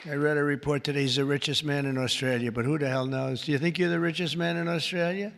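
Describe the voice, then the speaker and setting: A man with a gravelly, bright and fairly high voice makes off-the-cuff remarks at a press conference. He strings formal introductions together with loose, joking asides. The sound carries the long reverb of a large hall. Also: steady tone, quick pace. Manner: rambling, jokey asides between formal introductions.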